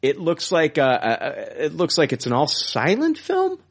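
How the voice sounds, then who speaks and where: A man's voice: a little high, huge pitch swings, moderate pace, slightly rough. A man co-hosting a casual podcast, gushing about films and often repeating and restarting his words. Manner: enthusiastic, stumbling, repeats words. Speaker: podcast co-host. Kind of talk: casual chat.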